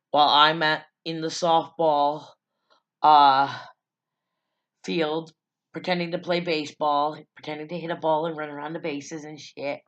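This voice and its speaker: A woman's voice: low voice, fairly bright tone, dull audio. A woman vlogger telling her life story in a loose, casual way, blunt and profane, with lots of fillers.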